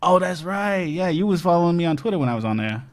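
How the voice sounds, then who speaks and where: Male actor as a bumbling doomsday-prep stream host, slightly high-pitched and stumbling. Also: expressive, fast talker. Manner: rambling, stumbling over his words. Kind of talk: improvised comedy live stream. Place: home bunker.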